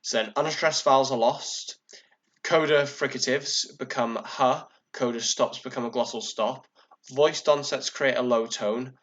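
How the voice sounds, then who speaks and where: A man's voice: medium pitch, fairly even intonation, measured pace, a bit bright, muffled recording. A man co-hosting a podcast, explaining things in a casual chat, with frequent ums and restarts. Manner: hesitant, many ums and restarts. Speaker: podcast co-host.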